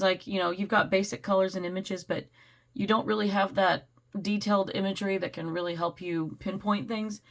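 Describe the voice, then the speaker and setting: Woman, tarot reader, chatty, rambling, slightly hoarse, middle pitch. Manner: chatty, rambling, laughs often, clears throat. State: slightly hoarse, losing her voice. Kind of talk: casual tarot reading to camera.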